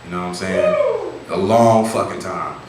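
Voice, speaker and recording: A man's voice: sits low, normal speed. A man doing a stand-up comedy set, telling a profane, slangy story and acting out his friends' voices. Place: comedy club stage. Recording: echoey room from far off, noisy.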